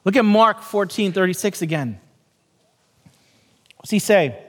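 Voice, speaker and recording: An earnest male pastor in his forties preaches in a church, repeating his key phrases and telling stories. His voice sits high for a man. A long reverb from the hall trails behind him. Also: lively intonation, unhurried, pauses often. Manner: repetitive, earnest, storytelling. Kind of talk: sermon.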